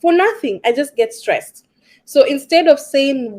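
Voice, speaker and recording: A woman's voice: high-pitched, animated, unhurried, darkish tone. A woman with an East African accent, a stress management coach in a casual discussion, talking earnestly with some ums and repeated words for emphasis.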